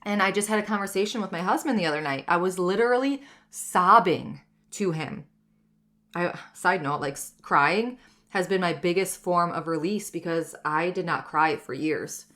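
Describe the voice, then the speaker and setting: A woman's voice: fairly low pitch, normal speed, a bit bright. A woman in her thirties hosting her own wellness podcast, talking candidly and reflectively, often saying "like" and "you know". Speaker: podcast host. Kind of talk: personal wellness podcast monologue.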